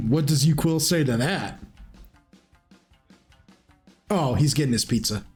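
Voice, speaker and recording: Guy running a tabletop game, rambly and casual, keeps clearing his throat, highish voice. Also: lively intonation, normal speed, a little mellow, faint music behind. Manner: rambling, informal, frequent restarts and clearing throat. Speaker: game master.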